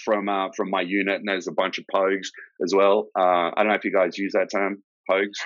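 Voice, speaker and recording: A man's voice: low voice, little pitch movement, brisk, fairly bright tone, no echo. An Australian man, middle-aged, a laid-back former soldier telling his story in a casual interview and swearing freely. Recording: dull, lo-fi and dry.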